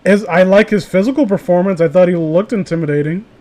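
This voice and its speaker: A man's voice: high-pitched, fast, a little mellow. A young man reading fan fiction aloud with sarcastic, swearing comedic commentary. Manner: sarcastic, swears, laughs, mock voices for quotes.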